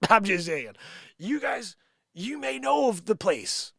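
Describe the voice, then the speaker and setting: A man's voice: high voice, big pitch swings, slow, creaky, a bit bright, no room sound, studio quality. A man hosting a live comedy show who reads an article aloud and breaks in with sarcastic, mocking asides. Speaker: comedy live-stream host. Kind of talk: comic rant reading an article aloud.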